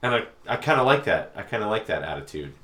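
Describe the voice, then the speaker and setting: A man with a lowish voice talking films in a relaxed podcast chat. His pitch swings a lot as he gets worked up, and he drifts between quick bursts and slow, trailing thoughts. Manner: animated, swears, trails off. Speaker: podcast co-host. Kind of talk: casual movie discussion.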